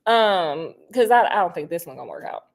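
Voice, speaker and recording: A woman's voice: fairly low pitch, lively intonation, fairly quick. A woman chatting casually while she cooks, sassy and full of asides like honey and girl. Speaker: vlogger. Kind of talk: casual chat while cooking.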